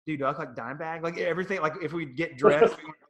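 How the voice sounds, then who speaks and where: A middle-aged man co-hosting a music podcast, telling rambling, animated stories in casual chat. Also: fairly high pitch, very fast. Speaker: podcast co-host.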